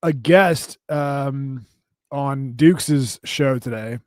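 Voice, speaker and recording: A man's voice: medium pitch, drawn-out words, darkish tone, dry recording. A man co-hosting a podcast in casual chat, rambling and self-deprecating, sounding tired. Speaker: podcast co-host.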